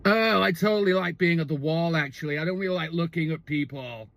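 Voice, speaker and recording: A man's voice: a little high, a little fast, a bit bright. A man voicing a laid-back young frat bro who drawls and agrees with everything. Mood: agreeable.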